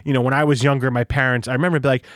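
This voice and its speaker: A man's voice: mid-range voice, flat delivery, racing, a bit bright, dry recording, clean studio sound. A man hosting a podcast, chatting casually in a rambling way, repeating himself and swearing freely. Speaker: podcast host. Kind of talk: casual interview chat.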